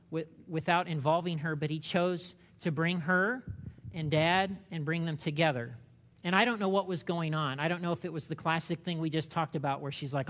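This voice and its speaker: Lively male pastor preaching a sermon. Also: fairly high pitch. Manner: animated, acts out quoted voices, asks the congregation questions.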